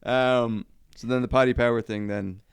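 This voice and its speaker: A young man hosting a podcast, telling a rambling, profane story in casual chat with quick acted quotes. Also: medium pitch, fairly even intonation, clear, resonant tone, no echo. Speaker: podcast host.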